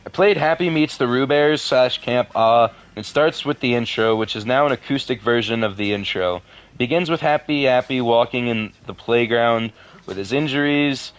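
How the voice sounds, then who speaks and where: Deadpan man reading with wry asides. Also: mid-range voice, normal speed, clear, resonant tone. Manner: deadpan asides, swears in frustration. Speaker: video creator reading a horror story. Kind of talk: casual reading with commentary.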